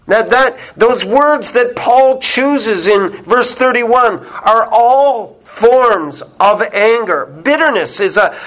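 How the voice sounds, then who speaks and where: Male pastor, sermon delivery, high voice, unhurried and emphatic. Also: a bit bright, low-quality recording. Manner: slow, emphatic preaching with repeated words and rhetorical questions.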